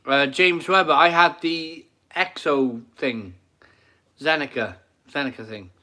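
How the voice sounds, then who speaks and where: With a slightly high, bright, forceful voice, a middle-aged man takes his time chatting on a live stream from his home kitchen. Enthusiastic and rambling, he keeps repeating phrases as he reads viewer comments out loud.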